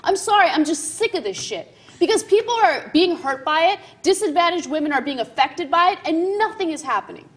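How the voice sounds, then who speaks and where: A woman's voice: very high voice, lively intonation, fairly quick. A female talk show co-host giving blunt, indignant opinion commentary.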